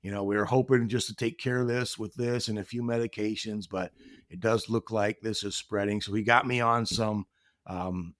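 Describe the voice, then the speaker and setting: A man's voice: on the low side, fairly even intonation, normal speed, fairly bright tone, no echo. Earnest middle-aged man, dry close sound. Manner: earnest, reflective, acts out quoted dialogue. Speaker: podcast guest. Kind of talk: candid personal storytelling.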